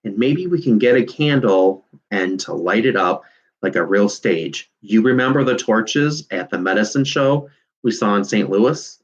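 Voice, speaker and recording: A man reading aloud and voicing a calm, practical pioneer girl, a little higher than his own voice. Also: unhurried, highs cut off. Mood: earnest. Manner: calm and sensible.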